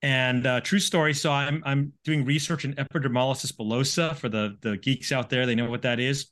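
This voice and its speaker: Male guest, lively storyteller, conversational. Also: mid-range voice, fairly quick. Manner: animated storyteller. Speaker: guest, neurosurgery professor. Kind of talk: storytelling in an interview.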